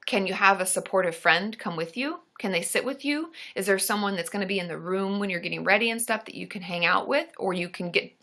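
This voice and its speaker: A woman therapist hosting a live advice stream with a bright, forward tone. She talks in a loose, chatty way, full of "like" and "um". She stays supportive and joking. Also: medium pitch, fairly quick, few pauses. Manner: chatty, supportive, casual filler-heavy talk; laughs and jokes with her partner. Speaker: licensed therapist and channel host.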